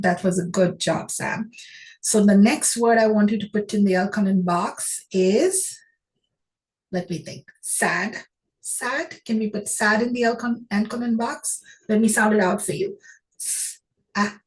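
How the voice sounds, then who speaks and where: A woman teaching children phonics, patient and encouraging, sounding out words slowly and praising often. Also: mid-range voice. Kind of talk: phonics lesson to young children.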